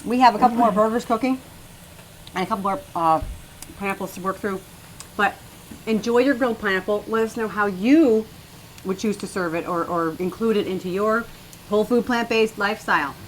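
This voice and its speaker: A woman's voice: mid-range voice, fairly quick, a little hiss or hum, rough recording. A woman hosting a home cooking show, chatting and serving food to her guests in the kitchen. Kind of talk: casual cooking chat.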